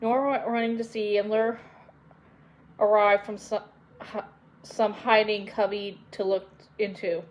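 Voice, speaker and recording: A woman narrating an audiobook in a measured, unhurried way. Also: mid-range voice, flat delivery, rough recording. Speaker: audiobook reader.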